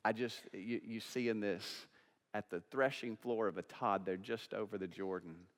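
A man's voice: fairly low pitch, steady tone, moderate pace. A man preaching an earnest sermon as pastor, now and then singing hymns. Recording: long reverb of a church hall.

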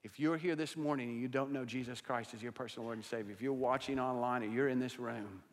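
A male pastor preaching a sermon to a congregation, swinging between loud declarations and hushed, intense asides. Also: mid-range voice, steady tone, quick pace. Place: church sanctuary with a congregation. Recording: long hall reverb.

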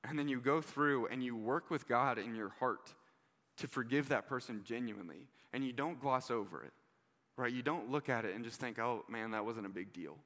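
A man's voice: medium pitch, moderate pace, a bit bright, big-room sound. A man preaching a sermon in an earnest, conversational way, with casual asides to the listeners. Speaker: pastor.

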